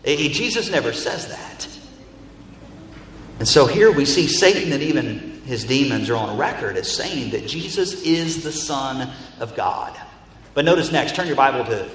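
A man's voice: mid-range voice, fairly bright tone, a little hiss or hum. A man preaching a sermon as pastor, emphatic and repeating phrases for stress. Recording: echoey hall reverb, faint ambience.

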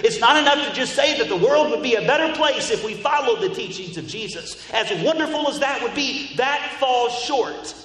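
High-voiced preacher in an echoey hall. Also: male voice, animated, moderate pace, few pauses, fairly bright tone. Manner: emphatic, repeats phrases for stress. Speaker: pastor. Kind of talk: sermon. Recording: echoey hall reverb, faint ambience.

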